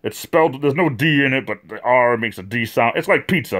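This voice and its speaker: A man's voice: mid-range voice, animated, brisk, fairly bright tone. Rambling man chatting on a livestream. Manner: rambling, chatty, talks to viewers in the chat by name; frequent fillers and repeated words. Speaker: livestream host. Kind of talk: casual livestream chat.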